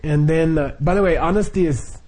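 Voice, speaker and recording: Mellow-voiced man, rambling and chuckling. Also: fairly high pitch, fairly quick. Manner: rambling, chuckling, many fillers and restarts. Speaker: Buddhist group leader. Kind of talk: informal instruction to a group.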